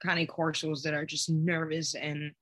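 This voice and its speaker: Casting: lower-pitched woman, blunt and emphatic. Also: level tone, a little slow, a bit bright. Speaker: dog trainer. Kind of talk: casual podcast chat.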